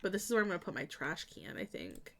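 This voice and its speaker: A young woman streaming casually as she builds in a game, chatty and giggly with sudden bursts of excitement. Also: fairly low pitch, fast.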